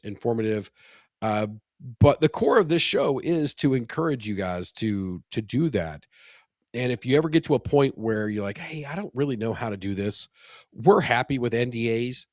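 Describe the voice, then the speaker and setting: A man's voice: medium pitch, no room sound, clean studio sound. A middle-aged man co-hosting a podcast in casual chat, rambling with many fillers and restarts. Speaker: podcast co-host.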